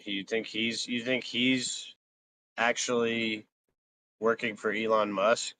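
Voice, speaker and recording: A man with a slightly low voice banters loosely on a live stream, rambling from joke to joke. A faint hum sits under his voice. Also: flat delivery, takes it slowly, pushed and bright, rough recording. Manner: joking, rambling, laughs often.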